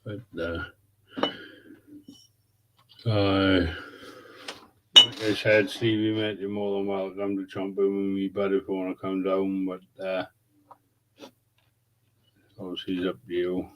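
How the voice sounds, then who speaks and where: A man's voice: deep voice, monotone, normal speed, pauses often, pushed and bright, slight background noise, poor audio. A man hosting a casual livestream, chatting laid-back with viewers, swearing freely and calling them mate and bud. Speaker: livestream host. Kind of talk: casual live chat with viewers.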